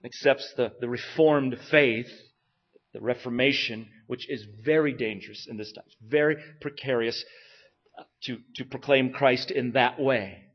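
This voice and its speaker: A man preaching a sermon with animated delivery and rhetorical questions, moving between loud emphasis and hushed, intense lines. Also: mid-range voice, moderate pace. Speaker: pastor. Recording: dull lo-fi recording.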